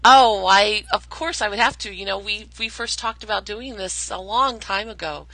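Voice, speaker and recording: A woman's voice: medium pitch, normal speed, bright, forceful tone, rough recording. A woman hosting a casual podcast interview, enthusiastic and chatty, often restarting her sentences with fillers. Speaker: podcast host.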